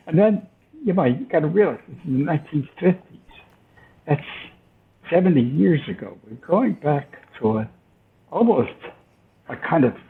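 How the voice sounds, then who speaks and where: Older male interview guest, gravelly voice, thoughtful and halting, heard over a thin phone-like line. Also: on the high side. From United States. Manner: thoughtful, hesitant, with restarts. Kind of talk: reflective storytelling. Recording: tinny phone-line sound.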